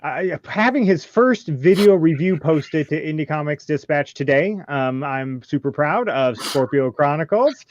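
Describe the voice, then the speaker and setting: A man hosting a casual panel chat, halting with many ums and nervous laughs. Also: on the high side, expressive, dull audio, slight background noise. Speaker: podcast host.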